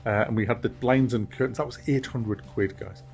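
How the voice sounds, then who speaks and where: A man's voice: mid-range voice, brisk, a little mellow, faint music behind. A man hosting a gaming channel, rambling through a casual update from his home office with mild swearing. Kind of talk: casual monthly update chat.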